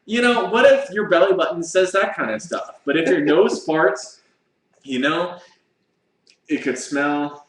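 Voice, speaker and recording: A man's voice: fairly high pitch, unhurried. A man co-hosting a casual live chat show, spinning crude, rambling what-if stories and laughing along. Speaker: co-host. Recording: echoey room.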